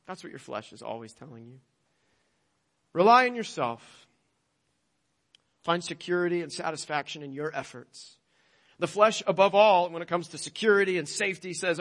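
A man's voice: fairly high pitch, lively intonation, normal speed, long pauses, fairly bright tone, big-room sound. A male pastor preaching a sermon emphatically, with rhetorical questions.

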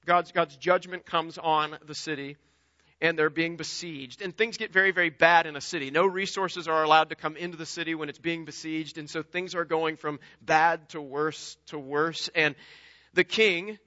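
Emphatic high-voiced man preaching. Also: steady tone, moderate pace, bright, forceful tone, dry recording, highs cut off. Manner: earnest, emphatic, repeats words and restarts often. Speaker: pastor. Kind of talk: sermon.

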